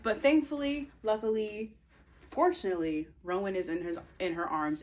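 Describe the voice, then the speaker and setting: Background noise accompanies a woman's medium-pitched voice at a moderate pace as she casually recounts her novel's plot. Her manner is chatty and animated, wandering and self-interrupting, with teasing asides to her viewers.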